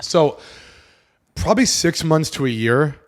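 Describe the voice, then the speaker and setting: A man in his twenties hosting a podcast, telling a personal story in a casual, animated way and acting out the voices of the people in it. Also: on the high side, measured pace. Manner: animated, acts out quoted voices, swears casually. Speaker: podcast host.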